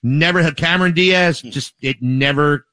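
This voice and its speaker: A man's voice: on the high side, moderate pace, pushed and bright, no echo. A man in casual podcast banter who jokes and laughs often. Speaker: podcast co-host. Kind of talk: casual chat.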